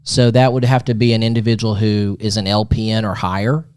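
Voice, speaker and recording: A man's voice: on the low side, little pitch movement, fairly quick, a little mellow, clear, resonant tone. A man co-hosting a casual political podcast, trading wry jokes and banter. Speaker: podcast co-host.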